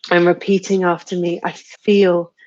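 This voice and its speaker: A woman leading a live tapping session, giving slow, soothing guidance and phrases to repeat, with sighs and yawns along the way. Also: fairly low pitch, flat delivery, darkish tone, dull audio.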